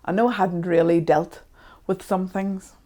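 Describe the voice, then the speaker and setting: A woman leading a guided tapping session, speaking slow, repetitive affirmations. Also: on the low side, steady tone, warm tone.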